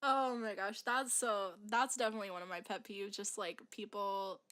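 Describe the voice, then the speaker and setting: A woman's voice: medium pitch, fairly even intonation, normal speed, fairly bright tone. A young woman telling a story as a podcast co-host, rambling and full of "like" fillers. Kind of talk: casual chat.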